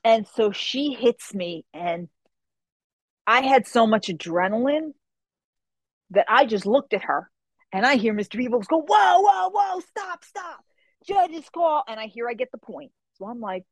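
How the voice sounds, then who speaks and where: A young woman telling a story in an animated way, acting out the people in it and swearing casually. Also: a little high, moderate pace, no echo. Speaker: guest.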